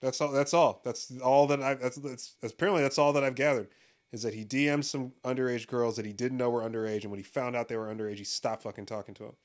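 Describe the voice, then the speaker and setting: A man's voice: mid-range voice, steady tone, fast talker. A man riffs in a loose, foul-mouthed comedic monologue, circling back on his own sentences. He laughs often and keeps a mid-range voice. His delivery feels offhand and unscripted. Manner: profane, rambling, laughs often.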